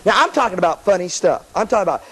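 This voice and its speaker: Brief: high-voiced male speaker, animated storyteller, lively live seminar delivery. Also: rapid-fire, a little hiss or hum. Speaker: motivational speaker to student bands.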